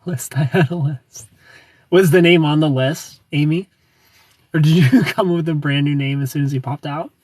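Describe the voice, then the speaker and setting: A man's voice: fairly high pitch, moderate pace, darkish tone, husky, distant mic. A young man hosting a casual livestream, chatting and giggling as he greets viewers by name. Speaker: livestream host. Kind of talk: casual livestream chat reading comments.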